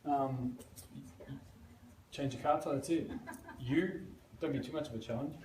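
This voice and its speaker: A man's voice: medium pitch, unhurried, darkish tone. A man, a coach telling stories in casual seminar talk and swearing freely. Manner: swears a lot, storytelling with acted quotes. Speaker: life coach. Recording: echoey room, far from mic, faint noise.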